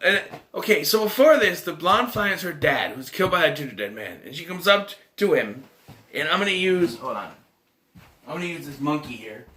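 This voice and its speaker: A man's voice: fairly high pitch, lively intonation, brisk, sharp tone, a little hiss or hum. A young man casually reviewing a movie, rambling and incredulous, firing off rhetorical questions and restarting sentences.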